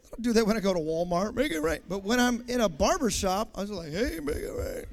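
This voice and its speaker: A man preaching a sermon, acting out everyday scenes with lively sound effects and asides. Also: quick pace. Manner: animated, acts out scenes, sound effects like boom.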